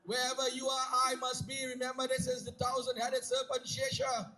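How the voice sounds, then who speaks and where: Trini guy doing a loyal young prince begging his brother, high bright voice, earnest. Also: completely flat delivery, a little fast, low-quality recording. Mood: pleading. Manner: pleading, earnest.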